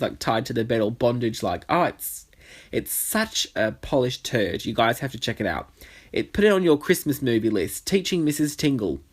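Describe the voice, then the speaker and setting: A man's voice: mid-range voice, husky. Man, solo podcast host, chatty and sweary, wanders off on tangents. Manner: rambling, sweary, goes off on tangents. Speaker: podcast host, drag performer. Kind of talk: casual solo podcast chat. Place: bedroom.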